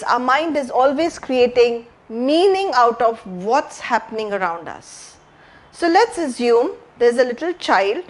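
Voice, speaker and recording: A woman with a high voice and an Indian English accent leads a live health talk. She tells stories, repeats key phrases and turns to the audience with questions. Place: library talk room.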